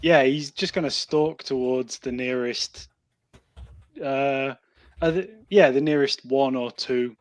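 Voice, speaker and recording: A man's voice: medium pitch, takes it slowly, dry recording. A man playing a tabletop game, hesitantly describing his character's moves, with many fillers. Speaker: player.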